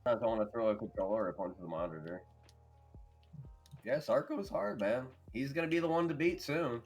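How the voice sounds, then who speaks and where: Man, podcast co-host, mid-pitched, rambling and profane, casual, faint music behind. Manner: rambling, profane, quick to laugh.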